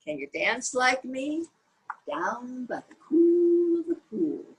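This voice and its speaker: A bouncy, gleeful little frog from a children's storybook, squealing high and swooping all over the place, as a woman puts it on. The voice leaps up in sharp whoops of delight, always eager to show off its dance. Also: very animated, slow pace, a little hiss or hum, full character voice.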